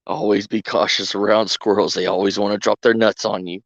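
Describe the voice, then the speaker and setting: A man's voice: lowish voice, gravelly, no room sound, lo-fi sound. A man streaming a game, bantering with his chat in a joking, giggly way. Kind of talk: casual chat to stream viewers.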